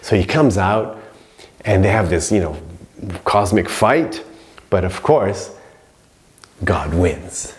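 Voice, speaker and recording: A man's voice: sits low, lively intonation, takes it slowly, pauses often. A man teaching a spiritual story in a casual, rambling way, full of fillers. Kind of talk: storytelling lesson.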